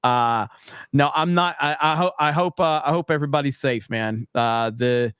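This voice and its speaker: A man hosting a livestream, reading viewer comments in an animated, blunt, profane way. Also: medium pitch, normal speed, smooth, dry recording. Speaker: livestream host.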